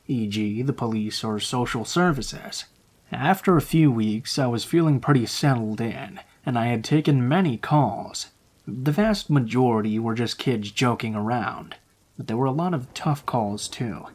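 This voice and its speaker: A man narrating true horror stories in a calm, low-key scripted reading.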